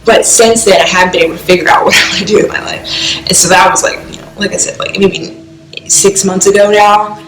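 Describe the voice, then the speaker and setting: Young woman vlogger, mid-pitched, chatty and rambling, recorded in an echoey room with faint music underneath. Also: fairly even intonation, a little fast, a bit bright. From US East Coast. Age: young adult. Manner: rambling, heavy use of "like", emotional. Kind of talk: casual reaction vlog.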